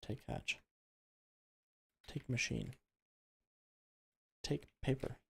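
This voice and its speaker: A man's voice: medium pitch, steady tone, drawn-out words, vocal fry, a bit bright, breathy edge. A man on a casual livestream, reading a text game aloud and typing commands, swearing now and then. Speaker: streamer.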